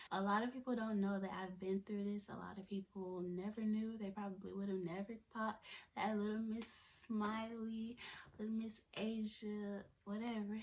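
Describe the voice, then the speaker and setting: Soft-spoken young woman, near whisper. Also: medium pitch, slight background noise. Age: 20s. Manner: chatty, repeats herself and restarts. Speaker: vlogger. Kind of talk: personal testimony vlog.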